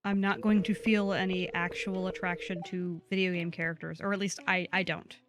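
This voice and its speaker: A woman's voice: fairly low pitch, level tone, normal speed. A woman co-hosting a game stream, chatting casually with rambling asides and frequent laughter. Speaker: co-host and game player.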